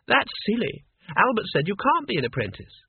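A man's voice: high-pitched, wildly swooping pitch, a little fast, vocal fry, husky, dry recording, pitched above the performer's own voice, heavily acted. A man reading an audiobook, voicing a haughty, spoiled teenage girl who snaps demands. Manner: snappish, demanding. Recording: tinny lo-fi phone-like audio.

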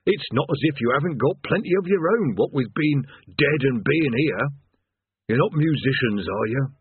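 A man voicing a weary, put-upon male demon gatekeeper who talks in a raspy, grumbling, mournful way. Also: mid-range voice, animated, normal speed, slight background noise, voice pushed up, lightly acted. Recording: tinny phone-like narrow sound.

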